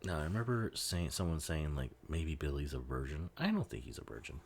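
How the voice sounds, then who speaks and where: A man's voice: extremely low pitch, big pitch swings, brisk, vocal fry, slight background noise. A man giving a casual, rambling commentary over a film, laughing often and swearing freely. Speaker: movie commentary host.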